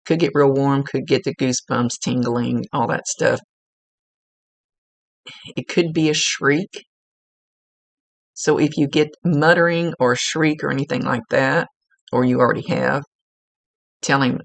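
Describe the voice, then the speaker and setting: A woman's voice: a bass voice, steady tone, unhurried, gravelly, pauses often, no echo. A woman working as a psychic medium, giving an informal, rambling one-on-one reading from her chair at home. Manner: informal, rambling, with many fillers and restarts. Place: at home, seated.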